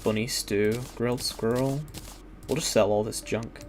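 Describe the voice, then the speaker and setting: A man's voice: on the low side, steady tone, measured pace. A young adult man casually chatting while he streams a game, rambling with lots of fillers and swearing. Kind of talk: casual gaming stream chat.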